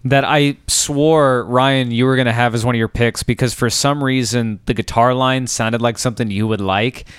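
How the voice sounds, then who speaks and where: A man's voice: medium pitch, steady tone, normal speed, clean tone, dry recording. Laid-back man in casual music talk. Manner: laid-back, hesitant, searching for words. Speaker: podcast co-host. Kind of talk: casual chat.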